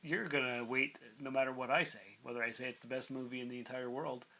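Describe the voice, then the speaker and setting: A man's voice: medium pitch, fairly even intonation, fast, sharp tone, rough recording. A man co-hosting a podcast, chatting casually and reading movie and TV news items aloud with asides. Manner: reads entertainment news items aloud with side comments. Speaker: podcast co-host.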